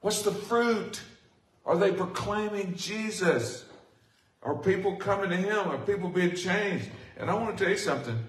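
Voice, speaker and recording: A man preaching a sermon as pastor, speaking with rising passion and excited emphasis. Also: sits high, normal speed. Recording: echoey room from far off.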